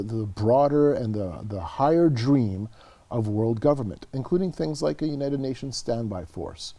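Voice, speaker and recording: A middle-aged man from Canada speaks as an interview guest, earnest and animated as he recounts events. His voice sits on the dark side with a husky edge. He restarts and repeats words as he talks. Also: medium pitch. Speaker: guest, researcher and author. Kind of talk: conversational interview storytelling.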